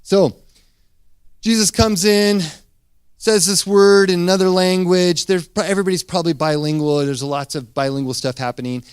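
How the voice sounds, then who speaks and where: A man preaching a sermon as pastor, retelling a scripture story in a casual, animated way with frequent restarts. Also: high-pitched, moderate pace, smooth, no room sound, clean studio sound.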